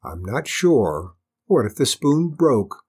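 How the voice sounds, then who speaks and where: A man voicing a polite, smooth-talking male traveling stranger in a voice close to his own, reading a storybook. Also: mid-range voice, sing-song, takes it slowly, dark tone, full character voice.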